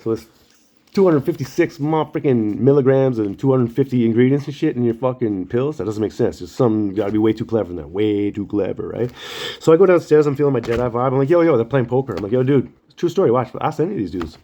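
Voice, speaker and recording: Profane, animated man with a mellow voice. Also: mid-range voice, fast. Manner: profane, animated, slangy storytelling. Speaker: storyteller. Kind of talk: rambling spiritual monologue. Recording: dull lo-fi recording.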